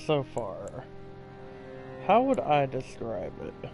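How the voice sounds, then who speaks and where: A man's voice: on the high side, lively intonation, takes it slowly, pauses often, soft background music. Tired, rambling male gaming commentator. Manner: rambling, tired, yawning, casual swearing. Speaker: gaming channel host. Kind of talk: casual gameplay voiceover commentary.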